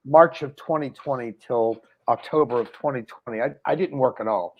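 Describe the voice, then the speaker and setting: A middle-aged man, a comedian, telling stories on a live video call show, animated and acting out quoted voices with stammering restarts. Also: mid-range voice, normal speed, dull audio. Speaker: guest co-host comedian.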